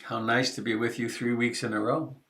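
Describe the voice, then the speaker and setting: A man hosting a meditation group over a video call, chatting casually in an unhurried, rambling and joking way. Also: medium pitch, little pitch movement, a bit bright.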